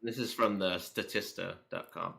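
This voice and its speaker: A man co-hosting a casual political commentary chat, often pausing with fillers as he reads through numbers. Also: low-pitched, steady tone, creaky, bright, forceful tone. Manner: reads out statistics haltingly, many fillers. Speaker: co-host.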